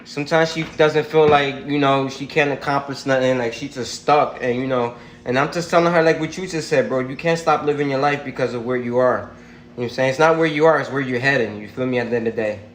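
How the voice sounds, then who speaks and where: A man's voice: medium pitch, fairly even intonation, quick pace, reverberant, slight background noise. A man hosting a livestream video call, chatting casually and supportively, often saying "bro" and "you feel me". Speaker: livestream host.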